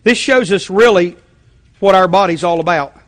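High-voiced conversational male preacher. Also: normal speed. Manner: conversational, repeating check-ins, frequent restarts; shifts between loud emphasis and quiet low asides. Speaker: pastor. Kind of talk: sermon.

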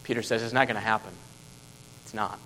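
Emphatic preacher in a reverberant hall. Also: male voice, fairly low pitch, steady tone, fast, slight background noise. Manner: emphatic, rhetorical questions, swings from hushed to loud. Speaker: pastor. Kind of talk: sermon.

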